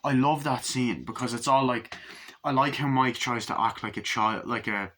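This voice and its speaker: A man giving a casual movie review, excited and profane, retelling scenes with eager fan enthusiasm. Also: medium pitch, normal speed, a little hiss or hum.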